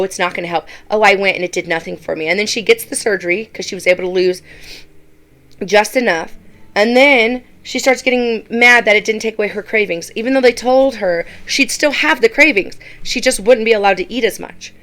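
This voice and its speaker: A woman's voice: medium pitch, a bit bright. A woman YouTuber giving casual reaction commentary, blunt and exasperated, often mimicking the people she talks about.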